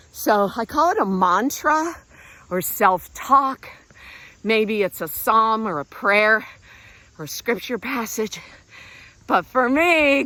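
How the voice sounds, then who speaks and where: A middle-aged woman talks in a casual, encouraging way as she walks outdoors, her pitch rising and falling freely. She is a little out of breath from the walk. Crickets chirp faintly behind her. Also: fairly bright tone, no echo. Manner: encouraging, conversational, breathing hard while hiking. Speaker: vlog host and self-help speaker. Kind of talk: casual talk while walking outdoors. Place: outdoors walking around a lake.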